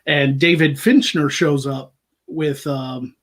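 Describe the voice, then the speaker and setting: A man with a somewhat raised voice and a husky edge hosts a rowdy, crude chat show. He laughs often and drops into mock Southern accents for his bits. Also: a little high, fairly even intonation, slow pace. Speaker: podcast host. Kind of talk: casual comedic chat.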